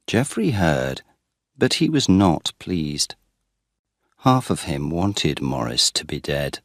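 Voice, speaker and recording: A man reading a story in slow, clear, expressive scripted narration for English learners. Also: very deep voice, no room sound, clean studio sound. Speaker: story reader.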